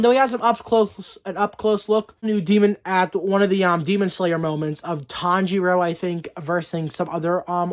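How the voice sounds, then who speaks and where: A vlogger chatting casually through the hiccups, rambling with lots of fillers and restarts. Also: mid-range voice. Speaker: collectibles news vlogger. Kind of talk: casual vlog chat.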